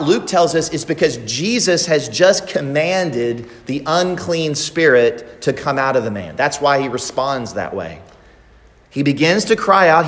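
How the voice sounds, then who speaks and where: A man's voice: fairly high pitch, a bit bright. A man preaching a sermon in a church, emphatic and repeating phrases for effect. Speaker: pastor. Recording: long reverb of a large hall.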